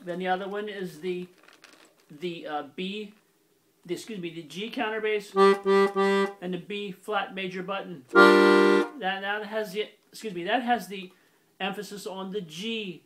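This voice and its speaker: A man's voice: sits high, steady tone, a little slow, long pauses, loud music behind the voice. A man giving a casual accordion lesson, explaining step by step in a plain, methodical way and stopping now and then to correct himself. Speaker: accordion teacher. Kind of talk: casual instructional demonstration. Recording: loud accordion under the voice. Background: accordion playing.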